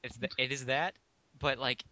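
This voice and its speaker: A man's voice: medium pitch, steady tone, normal speed, sharp tone, no echo. A man, a podcast guest, reading fan fiction aloud with mock-earnest flourishes. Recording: dull lo-fi podcast audio.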